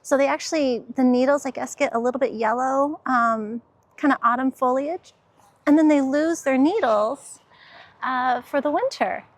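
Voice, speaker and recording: A woman's voice: high voice, moderate pace. A woman vlogging her walk through an outdoor garden center, gushing with enthusiasm and laughing easily, recorded on a handheld camera. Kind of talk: casual walk-through vlog.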